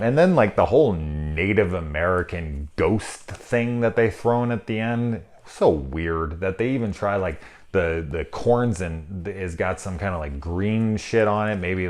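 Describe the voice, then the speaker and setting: A man in his thirties giving a casual, rambling movie review, full of swearing and sarcastic asides. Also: low-pitched. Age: 30s.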